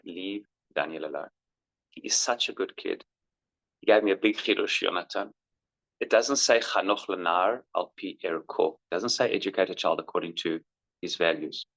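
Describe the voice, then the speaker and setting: A man's voice: low voice, vocal fry, fairly bright tone. A middle-aged man, telling stories about his son in a candid way and livening up when he quotes people. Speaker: father recounting his son. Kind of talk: conversational storytelling. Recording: muffled lo-fi recording.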